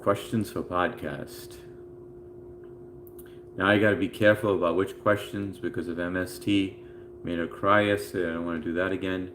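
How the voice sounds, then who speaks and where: A man's voice: low voice, fairly even intonation, normal speed, a bit bright, slight background noise. A man hosting a casual live stream from home, reading out viewer comments in a laid-back, chatty way with plenty of fillers.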